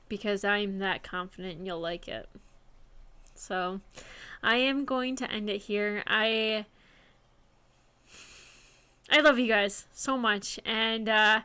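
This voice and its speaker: A young author speaks to her livestream audience in a bright, smooth voice that sits a little high. She sounds nervous and close to tears, gushing her thanks and often breaking off to start her sentences again. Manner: gushing, tearful and nervous, with many restarts. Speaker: self-published author streaming live. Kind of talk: emotional casual livestream talk.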